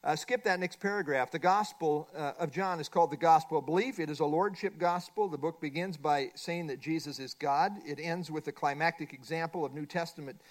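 A middle-aged man leads a Bible study lesson, walking his class through a workbook page by page. His voice sits a little high for a man, and he presses hard on his main points, saying them again and again. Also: fairly quick, hardly any pauses. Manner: emphatic, repeats key points. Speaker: Bible teacher.

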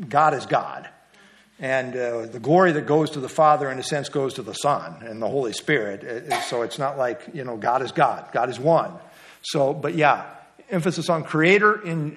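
A man's voice: medium pitch, fairly bright tone. A middle-aged man teaching a small Bible study class in a folksy, teasing way, with a lot of fillers and restarts. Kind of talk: casual Bible lesson.

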